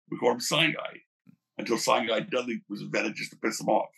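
Older man, gravelly husky low voice, interview guest spinning lively anecdotes. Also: brisk. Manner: animated storyteller, acts out quoted voices. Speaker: interview guest, former wrestling promoter. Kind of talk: casual storytelling interview.

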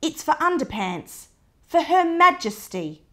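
A woman's voice: sits high, big pitch swings, unhurried, a bit bright, pitched above the performer's own voice, full character voice. A woman voicing a prim, disapproving old grandmother in a read-aloud storybook. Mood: bossy. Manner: disapproving, bossy.

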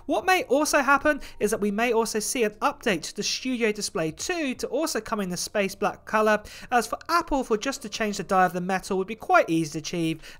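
A woman hosting a tech channel, giving an upbeat scripted roundup of product rumors and release dates. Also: medium pitch. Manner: lively, upbeat presenting with frequent "of course" and "guys".

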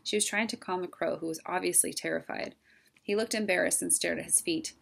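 A woman reading a children's novel aloud in a calm, steady storytelling way. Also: fairly low pitch, brisk, creaky. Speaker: storybook reader.

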